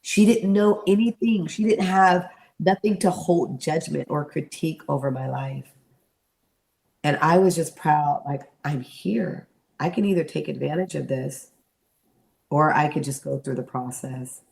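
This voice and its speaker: A middle-aged woman, an interview guest, telling a personal story in an animated way and acting out the voices she quotes. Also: low-pitched, measured pace, gravelly.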